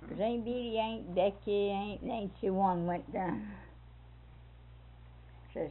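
Gravelly older woman telling stories. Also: medium pitch, slow, pauses often. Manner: lively storyteller who acts out voices and laughs often. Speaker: interviewee telling a family story. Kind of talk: oral history storytelling. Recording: lo-fi phone-like recording.

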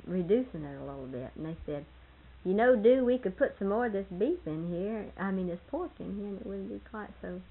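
An older woman with a husky voice, reminiscing casually about family and laughing often as she tells stories. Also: medium pitch, phone-quality sound. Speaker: storyteller in family history interview.

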